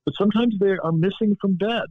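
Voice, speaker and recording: A man, an author as interview guest, telling stories in a reflective, animated way. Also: sits high, fairly quick, no room sound. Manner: reflective, animated storytelling with frequent restarts. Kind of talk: interview conversation. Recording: dry phone-like line.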